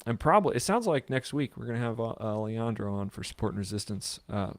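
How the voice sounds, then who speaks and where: A man's voice: medium pitch, lively intonation, fast talker, no room sound. Rambling casual male podcast host. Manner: rambling, restarts a lot. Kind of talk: casual chat.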